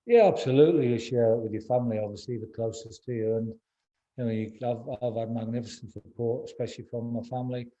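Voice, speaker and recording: A man in his sixties being interviewed, speaking candidly and haltingly, with many repeated words and "you know"s. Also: medium pitch, mellow, dull audio. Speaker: interview guest, former footballer.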